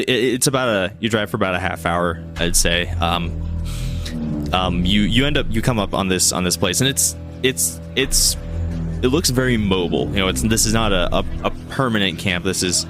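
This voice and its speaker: A game master with a very low voice, narrating a tabletop game. He restarts his phrases often, and faint music plays behind him. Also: normal speed.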